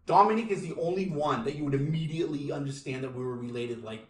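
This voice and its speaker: A man's voice: on the high side, fast talker, echoey room, slight background noise. A man hosting a podcast, chatting casually, with joking asides and swearing. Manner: animated, swearing, jokey. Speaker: podcast host.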